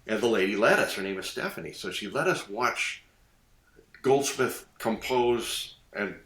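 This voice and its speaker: Older guy telling stories on a podcast, animated, laughs a lot, kind of echoey room. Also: lowish voice, unhurried. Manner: animated, acts out quoted voices, laughs often. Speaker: guest designer. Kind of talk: casual podcast storytelling.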